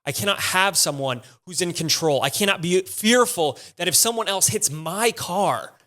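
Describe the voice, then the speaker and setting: A man's voice: high voice, expressive, moderate pace, fairly bright tone. A young man hosting a podcast, telling a personal story in a casual, profane and emphatic way. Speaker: podcast host.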